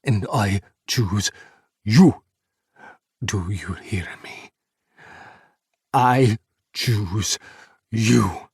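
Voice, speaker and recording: A man's voice: mid-range voice, very animated, takes it slowly, gravelly, pauses often, mellow, husky, no room sound, studio quality, heavily acted. A man voicing a passionate male president pleading with the one he loves. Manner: pleading, breathless.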